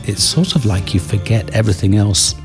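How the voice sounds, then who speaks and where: A man giving measured documentary commentary on music. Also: on the low side, expressive, gravelly. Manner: measured, explanatory.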